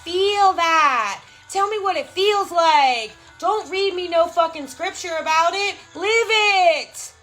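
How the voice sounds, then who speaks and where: An emphatic woman talks to her live-stream viewers with a high voice and lots of warmth in her words, swearing and repeating lines for punch. She answers comments casually as she goes. Faint music plays behind her. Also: measured pace, few pauses, rough recording. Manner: emphatic, swears freely, repeats phrases for effect; affectionate, calls viewers girl and love.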